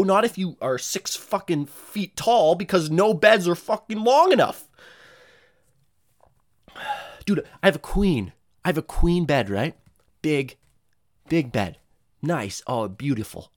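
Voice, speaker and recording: A young man rambles through a profane comedic monologue, his pitch swinging widely from low mutters to sudden high squeaks. The sound is dry and close, with no room around it. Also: no echo. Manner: rambling, profane, animated, jumps into high-pitched voices for quoted people.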